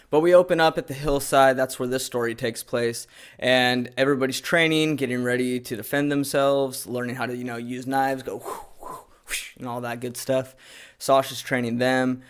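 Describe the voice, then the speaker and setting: A man's voice: medium pitch, clear, resonant tone. A young man giving a casual, rambling recap and review of a TV episode, with plenty of fillers. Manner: laid-back, rambling with fillers.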